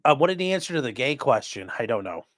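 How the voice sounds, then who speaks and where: A man's voice: medium pitch, big pitch swings, quick pace, a bit bright, no room sound, studio quality. A man hosting a casual commentary show who swears freely and acts out the quoted lines in changing voices. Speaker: host.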